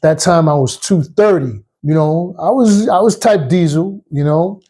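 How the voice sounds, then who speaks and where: A retired police officer, telling a story casually and acting out the voices. His voice is husky and dark in tone, and sits a little high for a man. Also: measured pace. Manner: streetwise, casual, acts out voices. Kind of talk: personal storytelling.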